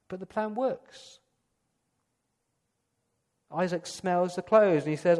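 Brief: male pastor, animated storyteller, slightly high voice, long church reverb. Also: normal speed, pauses often. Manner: lively storytelling, acting out scenes. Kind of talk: sermon.

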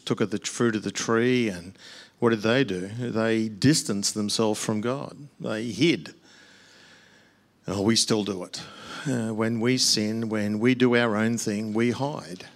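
An older man, a pastor answering questions at a church Q&A in a plainspoken way with dry humorous asides. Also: lowish voice.

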